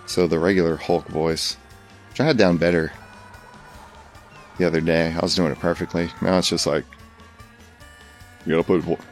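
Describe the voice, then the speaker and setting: A man's voice: low voice, fairly even intonation, normal speed, pauses often, soft background music. A man chatting casually and laughing at himself between comedic bits. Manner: self-deprecating, laughing at himself.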